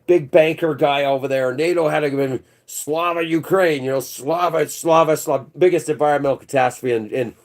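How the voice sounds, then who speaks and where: A man's voice: fairly high pitch, normal speed, hardly any pauses. A man hosting a livestream, rambling through conspiratorial commentary and calling his viewers "bro". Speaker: channel host. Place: indoors.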